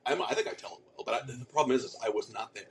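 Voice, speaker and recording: A man's voice: medium pitch, fairly even intonation, racing, slight background noise, low-quality recording. A man co-hosting a casual podcast, telling a rambling story with casual swearing and lots of restarts. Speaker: podcast co-host.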